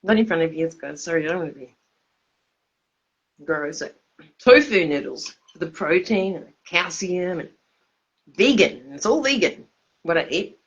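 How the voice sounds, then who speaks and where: On a muffled livestream recording, a drunk Australian woman rambles loosely, repeating herself, slurring, and laughing mid-sentence. Her voice is on the low side, slightly rough and animated, at normal speed with frequent pauses.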